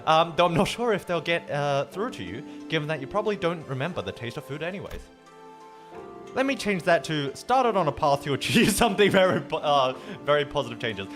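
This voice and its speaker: A chatty, joking male streamer at a desk microphone, his voice sitting somewhat high and bouncing around animatedly in pitch. Soft game music plays faintly underneath while he talks with his chat. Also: sing-song, fairly quick. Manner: chatty, joking, reads dialogue aloud. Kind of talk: casual game stream, reading story aloud.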